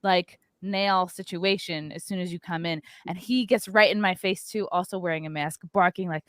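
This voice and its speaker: A woman hosts a podcast and tells a story as casual chat. She is animated and acts out the voices of the people in it. Her pitch sits in the middle range, and the sound is dry and close. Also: normal speed, hardly any pauses, no echo. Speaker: podcast host.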